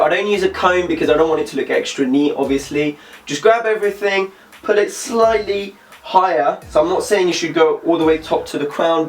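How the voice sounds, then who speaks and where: A young man talking casually through a grooming tutorial vlog, relaxed and chatty, swearing now and then. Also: a little high, slight background noise. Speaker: vlogger.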